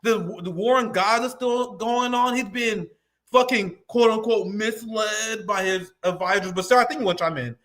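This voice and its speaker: Sarcastic guy cohosting a live politics stream, high bright voice, laughs a lot. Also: moderate pace. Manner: sarcastic, mocking, laughs often. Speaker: co-host. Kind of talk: political livestream chat.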